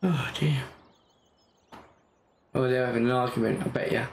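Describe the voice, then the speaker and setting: A man's voice: mid-range voice, fairly even intonation, moderate pace, gravelly, roomy sound, a little hiss or hum. A man with an English accent giving casual gameplay commentary, grumbling and exasperated as he talks. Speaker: gaming channel host.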